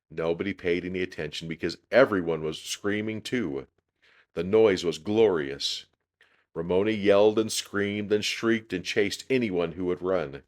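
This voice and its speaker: Deep-voiced man reading a children's book. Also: unhurried. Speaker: storyteller. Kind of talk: children's book read-aloud.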